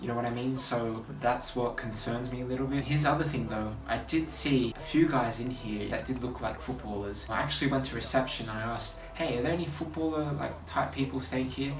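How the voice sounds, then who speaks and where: A man's voice: medium pitch, steady tone, brisk, few pauses. A man in his twenties from Australia, chatting to camera and thinking aloud in a casual vlog. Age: 20s. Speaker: footballer vlogger. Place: hotel room at night, indoors. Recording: roomy, distant camera audio with music.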